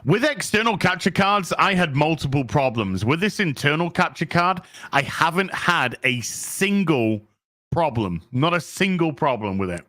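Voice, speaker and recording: A man hosting a casual livestream, reading viewer donations and answering them in an animated, profane and boastful way. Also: a little high, normal speed, dry recording, studio quality. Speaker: streamer host.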